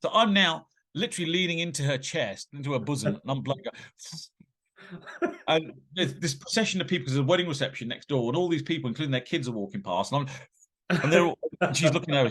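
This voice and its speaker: A man tells stories as a guest on an interview podcast. He talks quickly, rambling along with plenty of fillers and restarts. His delivery is animated, with sudden jumps in pitch when he acts out a scene. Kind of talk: casual anecdote telling.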